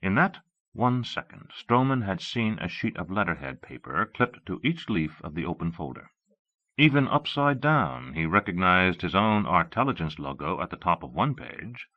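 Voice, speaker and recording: A man with a very deep voice narrates an audiobook in a measured, expressive way. His pitch moves in lively swings. The sound is dull and lo-fi, like an old cassette transfer. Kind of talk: scripted narration.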